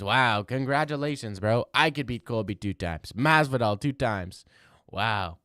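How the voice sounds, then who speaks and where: A young man streaming live, reading chat and answering in loud, mock-outraged rants. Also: a little high, lively intonation, normal speed, no room sound, studio quality.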